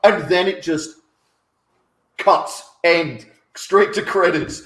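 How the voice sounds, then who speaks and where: A man's voice: high-pitched, fairly bright tone, reverberant, rough recording. A man co-hosting a comedy podcast, riffing on silly film ideas and laughing often. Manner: riffing, quick laughs, acts out bits. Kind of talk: casual comedic chat.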